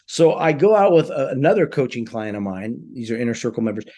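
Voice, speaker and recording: A man's voice: medium pitch, fast. A man telling a personal story in casual conversation, acting out the quoted voices of the people in it. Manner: animated, acts out quoted voices.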